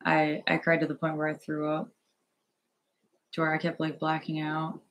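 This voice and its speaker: In this home vlog, a young man speaks through an earphone headset with a fairly high, bright voice and a monotone delivery. He sounds nervous and hesitant, rambling and halting with lots of fillers and restarts. The recording quality is low.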